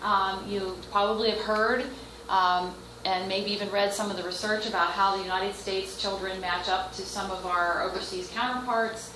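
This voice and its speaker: A woman's voice: medium pitch, steady tone, normal speed, background noise. A woman presenting at a teacher training session, hesitant with lots of fillers. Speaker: workshop presenter. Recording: echoey room from far off.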